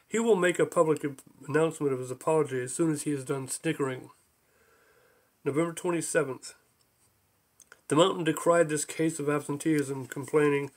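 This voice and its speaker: A man with a slightly raised voice reads his own comic audiobook aloud. His delivery is dry and deadpan, rolling from one absurd line to the next without pausing for laughs. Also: a little high. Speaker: author reading his own book. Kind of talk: audiobook narration.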